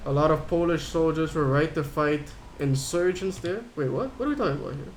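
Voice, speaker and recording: A man's voice: fairly high pitch, fairly quick, slight background noise. A man livestreaming a game, chatting casually and rambling as he thinks aloud while reading chat. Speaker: game streamer.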